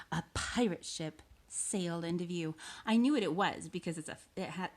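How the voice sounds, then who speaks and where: A woman reading a picture book aloud for preschoolers at home, expressive, with asides to her listeners. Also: lowish voice. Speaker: children's story reader. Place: home room.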